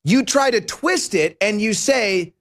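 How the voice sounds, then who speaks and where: A man's voice: high-pitched, animated, measured pace, fairly bright tone. A man hosting a political talk show, delivering sarcastic, mocking and emphatic commentary.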